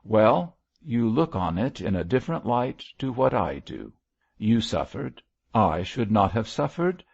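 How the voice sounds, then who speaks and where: A man's voice: fairly low pitch, sing-song, a little slow, vocal fry, a little mellow, highs cut off, voice pushed up, exaggerated voice. A man voicing a passionate, defiant middle-aged wife, speaking vehemently and emotionally.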